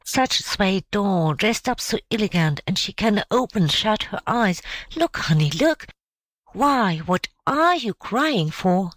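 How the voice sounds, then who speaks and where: A woman voicing a warm-hearted poor mother, talking in an exclamatory, fussing way. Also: medium pitch, lively intonation, a little slow, no room sound, pitched above the performer's own voice. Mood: coaxing. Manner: fussing, exclamatory, dialect-laden.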